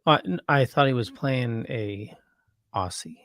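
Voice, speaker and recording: A man's voice: mid-range voice, expressive, unhurried, fairly bright tone, no echo, studio quality. A man co-hosting a casual podcast chat, hesitant and backtracking as he talks. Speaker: podcast co-host.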